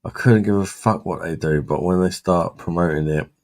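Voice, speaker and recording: A man's voice: low voice, normal speed, darkish tone. A man hosting a casual live stream, chatting with viewers in a blunt, sweary way and laughing often. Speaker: livestream host reading chat.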